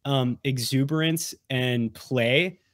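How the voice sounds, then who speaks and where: Man, podcast guest, rambling casual chat, medium pitch, dry close mic. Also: takes it slowly, dry recording. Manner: animated, rambling, lots of "like" and restarts. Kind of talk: casual conversational interview.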